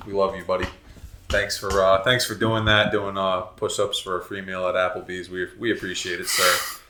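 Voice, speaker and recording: Deep-voiced joking young man, echoey. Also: flat delivery, normal speed, bright, forceful tone, a little hiss or hum. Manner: joking, crude, cracks up at his own lines. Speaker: podcast co-host. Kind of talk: casual chat.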